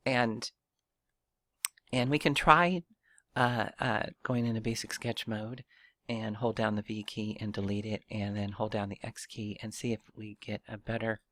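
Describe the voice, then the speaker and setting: Man talking through a software tutorial. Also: fairly low pitch, no echo. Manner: thinks aloud, rambling with fillers and restarts. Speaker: 3D modeling tutor. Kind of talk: casual screen-recorded software tutorial.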